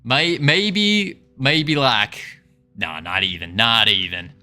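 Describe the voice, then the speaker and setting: A man's voice: mid-range voice, slow pace, pushed and bright, soft background music. A man streaming live and chatting with viewers in a put-on Southern drawl, folksy and joking, laughing often. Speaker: livestreaming game developer. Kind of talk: casual livestream chat with viewers.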